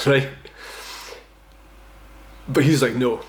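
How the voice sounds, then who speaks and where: A man's voice: medium pitch, normal speed. Profane, rambling Scottish man telling a story. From Scotland. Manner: rambling, profane, self-mocking, fond of "right?". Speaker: vlogger telling a personal story. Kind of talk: casual storytime monologue.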